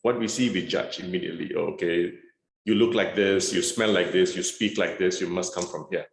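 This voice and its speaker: A man's voice: low-pitched, steady tone, normal speed, creaky, roomy sound, a little hiss or hum. A man speaking frankly with dry humour as a guest on a video-call panel. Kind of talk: conversational panel talk.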